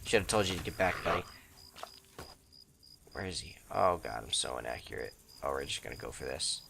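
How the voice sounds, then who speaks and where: A man's voice: expressive, moderate pace, gravelly, pushed and bright, a little hiss or hum. A young man hosting a let's play, chatting casually over gameplay in a rambling, self-interrupting way. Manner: breaks into squeaky high mock voices.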